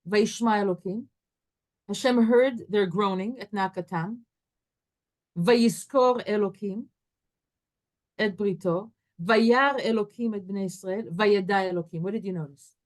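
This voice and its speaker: A woman's voice: mid-range voice, unhurried. A woman teaching a Torah class, telling a story and acting out its dialogue with her voice rising and falling.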